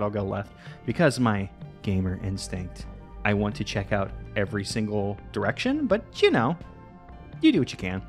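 Man, let's-play host, rambling casual commentary, animated delivery. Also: mid-range voice. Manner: rambling, chatty, swears casually.

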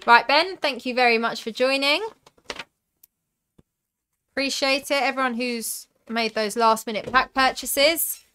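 A woman's voice: fairly high pitch, bright, forceful tone, clean tone. A young woman with a southern English accent, chatting on a live stream as she opens card packs and reads out viewer comments. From southern England.

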